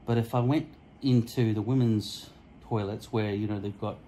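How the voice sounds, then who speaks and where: Male vlogger, low-ish voice, crude tangent-hopping solo rant into a phone camera at home, faint noise behind. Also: fairly even intonation, moderate pace, warm tone, low-quality recording. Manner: profane, tangent-hopping, mock-offensive. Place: indoors at home, in front of a mirror. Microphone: phone camera stuck to a mirror.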